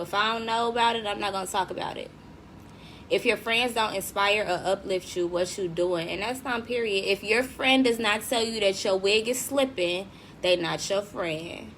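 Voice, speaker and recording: Young woman, host, casual livestream chat, slangy, laughs easily, faint noise behind. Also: mid-range voice. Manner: lively, slangy, laughs often, addresses viewers directly. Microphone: desk mic.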